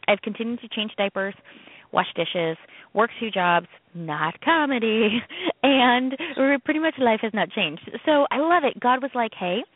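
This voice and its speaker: A woman co-hosting a casual radio chat, telling a story in an animated way and acting out quoted voices. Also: fairly high pitch, measured pace, no echo. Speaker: co-host, comedian. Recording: tinny phone-like radio sound.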